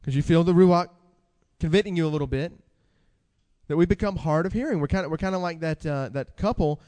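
A man's voice: fairly high pitch, a little fast, a little mellow, big-room sound. A man preaching a sermon, quoting scripture with emphasis and repeating key words.

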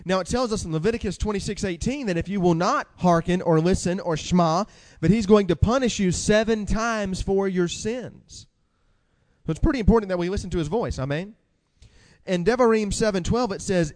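High-voiced man preaching in a hall. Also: expressive, brisk, darkish tone. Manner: emphatic, repeats key words, quotes scripture. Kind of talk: sermon.

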